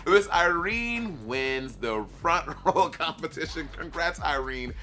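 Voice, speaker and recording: A man's voice: fairly high pitch, lively intonation, takes it slowly, bright, forceful tone. A man hosting a casual chat, playful and campy, laughing often. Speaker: host.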